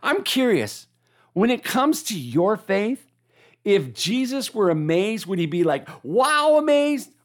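A preacher delivering a sermon, animated, asking listeners to repeat key lines back. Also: mid-range voice, unhurried.

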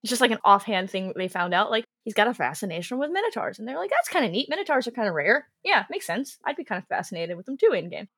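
A woman game master telling tabletop stories in casual chat, animated and quoting her players. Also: mid-range voice, fast, hardly any pauses, husky, dry recording. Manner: animated, quotes players in lively voices. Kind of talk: casual podcast storytelling.

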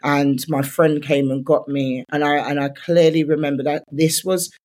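A woman's voice: low voice, little pitch movement, moderate pace, a little mellow. A woman, a guest in an interview, candidly retelling her own story in loose speech full of "like" fillers.

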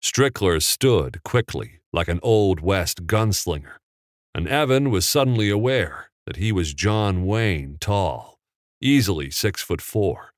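A man narrating a novel in a measured, unhurried storytelling manner. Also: low voice, expressive, no room sound, studio quality. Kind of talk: audiobook narration.

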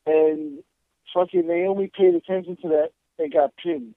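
A man's voice: fairly high pitch, moderate pace, dry recording, phone-quality sound. A man co-hosting a casual wrestling podcast, ranting in a profane, sarcastic way. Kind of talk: casual chat.

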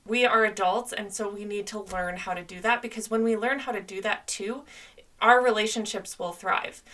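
Recorded from a distance, this podcast host has a medium-pitched, sharp voice. She's a young woman working through relationship advice alone on her show, sincere and conversational, saying "like" a lot.

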